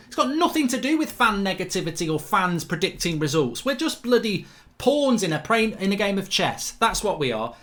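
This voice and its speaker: A man's voice: high-pitched, big pitch swings, a little fast, fairly bright tone. A man hosting a live match reaction stream, reading chat messages aloud and ranting with frequent swearing and sarcasm. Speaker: football fan livestream host.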